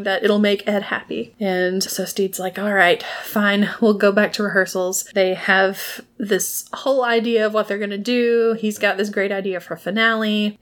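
Chatty woman recapping with frequent laughs. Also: medium pitch. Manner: chatty, laughs often, acts out quotes. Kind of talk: casual episode recap.

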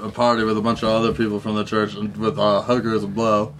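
A man's voice: on the low side, monotone, fast, a bit bright, slight background noise. A man in casual podcast chat who chuckles and chimes in with questions.

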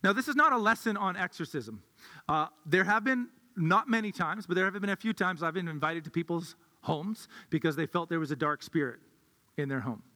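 Male pastor, high-pitched, bright voice; chatty sermon with restarts in a reverberant hall. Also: fairly quick. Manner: conversational, thinks aloud with restarts.

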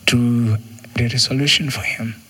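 A man delivers a sermon in a relaxed, chatty way. His voice has a husky, slightly breathy grain. He keeps leaping into higher, livelier tones to act out little exchanges between people. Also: moderate pace. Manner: conversational, acts out quotes with jumps in pitch. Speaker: preacher.

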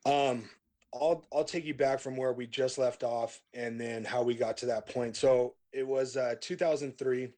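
A middle-aged man talks through his past as a podcast guest. His delivery is relaxed and rambling, full of fillers and false starts. His voice sits at an ordinary, middle pitch for a man. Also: moderate pace. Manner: laid-back, rambling, many fillers and restarts. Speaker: metal band vocalist, podcast guest. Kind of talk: casual interview storytelling.

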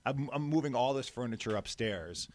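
A young man co-hosting a radio talk show in a studio, talking casually with an energetic, teasing manner on a mic with no windscreen. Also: mid-range voice, normal speed, a little hiss or hum. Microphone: studio microphone without windscreen.

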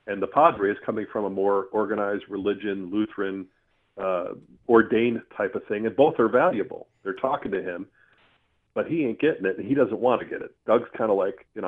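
A man telling a personal story in a casual, earthy, animated way, with mild swearing. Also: lowish voice, brisk. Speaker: storyteller guest. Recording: tinny phone-line sound.

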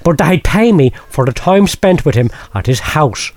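A man's voice: on the high side, lively intonation, normal speed, a little mellow, no echo, pitched below the performer's own voice, lightly acted. A man voicing a rambling, lecherous oddball who tells his tale in thick dialect. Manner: rambling, breathless storytelling, dialect-heavy. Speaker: podcast host reading a listener letter. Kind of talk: comic letter reading in character.

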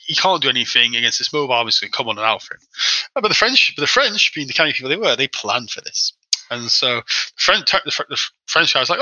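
A man telling a story in a casual podcast chat, quick and animated, acting out the people he quotes. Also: mid-range voice, dry recording, poor audio. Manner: fast, animated anecdote-telling with acted-out quotes. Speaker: podcast guest.

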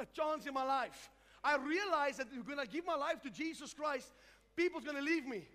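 A man preaching a sermon as a pastor, building to loud shouts and call-and-response with the congregation. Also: very high-pitched, brisk, in a large hall. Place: church.

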